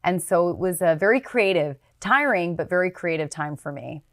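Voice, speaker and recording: Woman from Canada, TV reporter, podcast guest, animated storytelling, lowish voice, dry studio mic. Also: moderate pace, no echo. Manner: animated storyteller with lively pitch swings. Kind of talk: casual interview chat.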